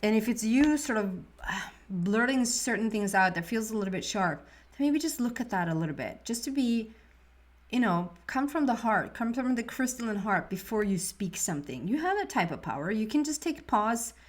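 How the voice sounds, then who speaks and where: A woman giving a monthly tarot reading in a soft, meandering way, often trailing off and restarting her sentences. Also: fairly high pitch, expressive, moderate pace. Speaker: tarot reader.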